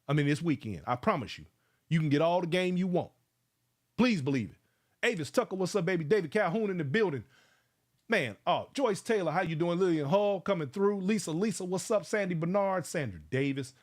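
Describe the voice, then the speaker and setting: A man's voice: high voice, expressive, brisk. Fired-up man hosting a livestream. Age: around 50. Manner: fired-up, preachy, shouting out viewers. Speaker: livestream host. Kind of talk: casual livestream talk.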